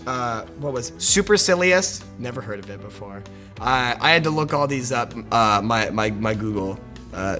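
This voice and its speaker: A man's voice: on the low side, a bit bright. A young man and lead actor talking casually in a behind-the-scenes interview, rambling and self-deprecating, laughing easily and joking with the crew.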